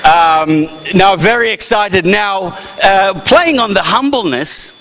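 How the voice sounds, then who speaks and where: Bright, lively comedian working a crowd. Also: male voice, sits high, slow pace, faint music behind. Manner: playful, self-mocking, crowd-working. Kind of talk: live stand-up hosting. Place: festival stage before a live audience. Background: audience faintly heard.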